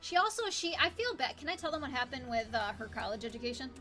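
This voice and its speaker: Chatty high-voiced woman co-hosting a stream. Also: very animated, quick pace, sharp tone, faint music behind. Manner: chatty, emotional, laughs a lot. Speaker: streamer's wife and co-host. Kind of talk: casual live-stream chat.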